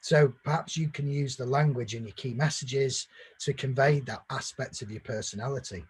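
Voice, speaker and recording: A man's voice: mid-range voice, moderate pace, slight background noise. A man giving a conversational marketing presentation, explaining at length with fillers and restarts.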